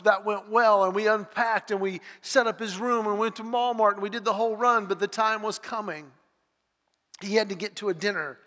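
A middle-aged man giving a sermon, telling personal stories in a confessional way, moving between loud moments and hushed ones. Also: sits high, big-room sound. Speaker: speaker.

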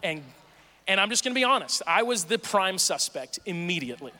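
Storyteller, man in his forties, animated delivery that acts out other voices, fairly high voice, in a reverberant hall. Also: a little fast, a little hiss or hum. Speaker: speaker telling a personal story. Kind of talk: casual storytelling monologue.

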